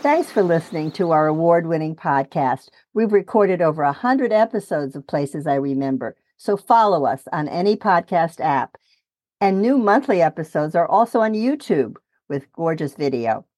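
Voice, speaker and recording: A woman's voice: low-pitched, lively intonation, moderate pace, darkish tone, dry recording. A woman hosting a travel podcast interview, giving short reactions and reading a scripted outro. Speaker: podcast host.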